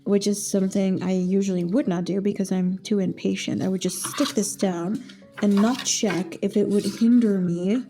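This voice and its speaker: Chatty young woman, casual planner vlog, thinks aloud, soft music behind. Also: mid-range voice, steady tone, normal speed. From Netherlands. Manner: chatty, self-talking, playful exclamations. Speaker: vlogger.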